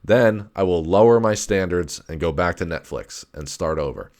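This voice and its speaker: Low-voiced man ranting with filler words. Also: lively intonation, normal speed, darkish tone. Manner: rambling, profane, with many fillers and restarts. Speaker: podcast host. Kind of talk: casual solo rant.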